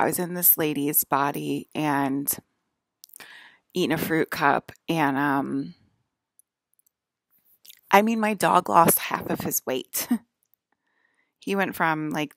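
A woman's voice: sits low, slow, creaky, pauses often, no room sound, studio quality. A woman talking to her viewers in a long rambling monologue, packing her speech with "like" and laughing often, seated at a table indoors. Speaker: vlogger.

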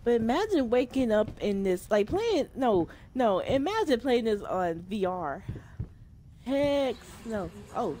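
A woman's voice: fairly high pitch, big pitch swings, takes it slowly, dark tone, a little hiss or hum. A young woman streaming a horror game, chatty and jumpy, talking to the game and to her viewers. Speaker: gamer streamer. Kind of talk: let's-play commentary.

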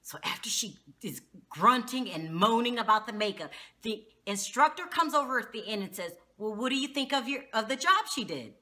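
A woman's voice: a little high, lively intonation, normal speed, pushed and bright. A woman recapping a reality TV episode in a casual vlog, outspoken and slangy, with frequent exclamations. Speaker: TV show reviewer.

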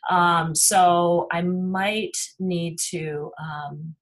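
A woman's voice: lowish voice, fairly even intonation, very slow, slight background noise. A middle-aged woman clinician hosting a webinar, talking reflectively with many fillers as she answers questions. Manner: warm, reflective, many "um"s and "you know"s.

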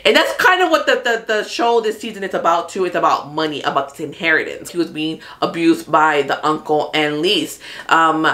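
A woman hosting a casual TV recap, talking in an animated, chatty way, swearing freely and acting out what the characters say. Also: deep voice, moderate pace, few pauses. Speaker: host of a TV recap channel. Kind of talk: casual spoilery show recap.

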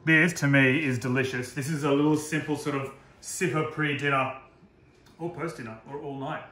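A man's voice: mid-range voice, fairly even intonation, normal speed, fairly bright tone. A man, a chef giving a chatty, self-deprecating live cooking demonstration from a kitchen. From Australia. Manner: chatty, self-deprecating, laughs at own slips. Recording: roomy echo, faint noise.

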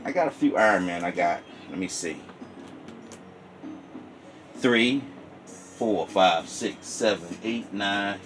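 Easygoing male toy vlogger, very low voice, rambling and sincere, music playing behind. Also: fairly bright tone. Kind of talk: casual toy review vlog.

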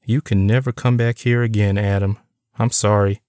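A man's voice: fairly low pitch, flat delivery, normal speed, darkish tone, clean tone, no room sound, studio quality, lightly acted. A man reading the lines of a stern, mysterious otherworldly woman who scolds firmly.

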